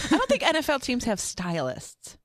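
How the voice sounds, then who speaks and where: A woman's voice: sits high, wildly swooping pitch, normal speed, no echo. A young woman co-hosting a casual sports chat show, playful and teasing. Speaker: co-host.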